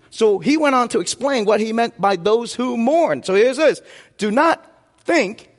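A man's voice: sits high, long reverb tail. A middle-aged man preaching a sermon, asking the congregation questions and waiting for answers. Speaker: pastor.

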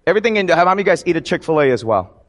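A man's voice: on the high side, sing-song, racing. A man preaching a sermon to his congregation in a conversational, joking way. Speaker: pastor.

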